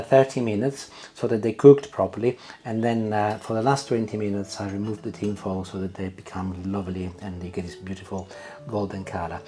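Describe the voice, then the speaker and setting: A man hosts his cooking channel in a mid-range, dark voice, chatting casually to camera with plenty of "uh" fillers. He cooks and tastes as he goes in a home kitchen.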